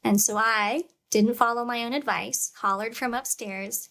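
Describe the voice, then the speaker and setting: A woman gives a parenting lecture in a calm, measured way, with a voice that sits a little high. She is a parent herself and now and then voices the words a parent might say to a child. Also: gravelly. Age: adult parent. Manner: calm, measured, demonstrates parent scripts aloud.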